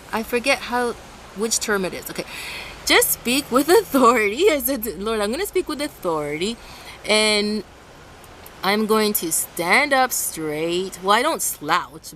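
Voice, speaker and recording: A woman's voice: on the low side, low-quality recording. A woman from Ecuador vlogging casually outdoors in the rain and wind, rambling and restarting her sentences. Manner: rambling, restarts often, animated when quoting others. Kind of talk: casual talk to camera. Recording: faint outdoor traffic noise.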